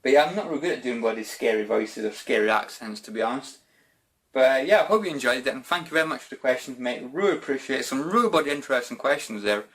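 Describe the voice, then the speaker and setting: In an informal vlog chat, a YouTube gaming host from Scotland fields viewer questions, his medium-pitched voice expressive, fast and fairly bright. He's chatty and casual, frequently dropping "bloody" and "mate."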